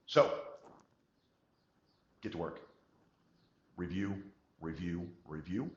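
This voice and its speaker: A man with a low voice gives a motivational coaching talk. He is emphatic, repeats his points and swings from quiet to energized. The recording is roomy and lo-fi. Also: lively intonation, slow. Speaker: business coach.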